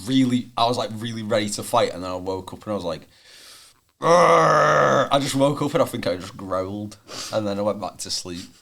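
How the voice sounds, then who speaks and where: A man's voice: fairly low pitch, fast. A young man, co-hosting a student podcast and telling a long rambling story full of fillers and restarts. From England. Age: young adult. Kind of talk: casual chat. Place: room, seated on the floor.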